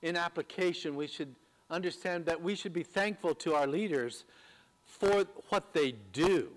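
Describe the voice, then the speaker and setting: A man preaching a sermon in an earnest, measured way, slowing down on key words. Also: fairly high pitch.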